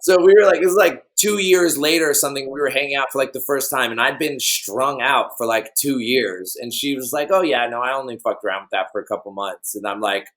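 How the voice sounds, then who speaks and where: A man's voice: mid-range voice, a little fast, hardly any pauses, fairly bright tone. Rambling, laughing man telling stories. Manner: rambling storyteller who laughs at his own tales. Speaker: podcast guest. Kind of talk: casual chat.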